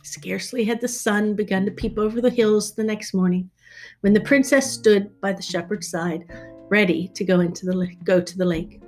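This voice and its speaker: A woman reading a fairy tale aloud in a measured, expressive storytelling style. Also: medium pitch. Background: soft guitar music.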